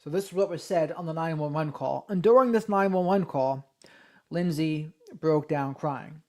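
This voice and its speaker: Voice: mid-range voice, moderate pace. A true crime livestream host, conversational and thinking aloud, who reads out a call transcript and then comments on it.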